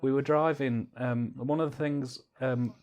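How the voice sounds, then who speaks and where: A man's voice: medium pitch, steady tone, a little slow, a little mellow, dull audio. A man hosting a film commentary, jokey and rambling. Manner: jokey, rambling, hesitant with fillers. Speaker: host of a film commentary channel. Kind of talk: casual chat.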